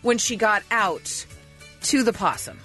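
A woman co-hosting a radio morning show, telling odd news stories in animated, laughing banter. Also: mid-range voice, a little slow, soft background music. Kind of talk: casual comic radio banter. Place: radio studio. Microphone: studio microphone.

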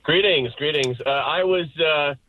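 A man's voice: fairly high pitch, a little slow. A man calling in to a radio show to tell a story, talking with lots of fillers, heard over a phone line. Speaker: caller. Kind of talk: telling a story on a call-in show. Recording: dry, dull phone line.

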